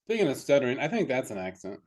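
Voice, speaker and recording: A man co-hosting a podcast chats easily, laughing and swearing casually. He talks fast in a mid-range, slightly mellow voice with big pitch swings.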